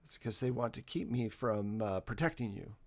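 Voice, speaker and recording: A man's voice: lowish voice, moderate pace, natural voice. A man playing an anxious, paranoid husband who insists and swears. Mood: agitated. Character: agitated, paranoid husband, middle-aged.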